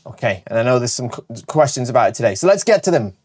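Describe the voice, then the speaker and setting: A man with a northern English accent, hosting a casual show where he answers viewer questions, talking fast and chattily with frequent self-corrections. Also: medium pitch, sing-song, a little mellow, breathy edge. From Britain. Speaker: host.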